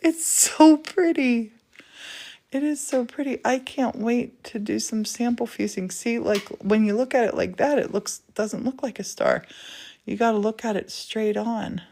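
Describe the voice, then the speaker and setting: A woman's voice: a little high, steady tone, moderate pace, darkish tone. A woman hosting a casual live demo from a glass studio, gushing with affection and chatting to her viewers. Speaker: livestream host. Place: indoor glass fusing studio.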